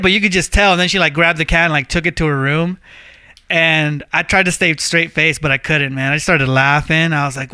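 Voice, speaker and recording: A man co-hosting a casual podcast, telling stories with lively energy and frequent swearing. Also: fairly high pitch, moderate pace, smooth, dry recording. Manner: animated storyteller, swears freely. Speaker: podcast co-host.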